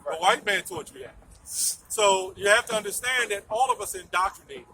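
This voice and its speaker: A man's voice: sits high, normal speed, bright, forceful tone, far from the mic, slight background noise, low-quality recording. A man preaching in a street debate, emphatic, asking questions and repeating his phrases.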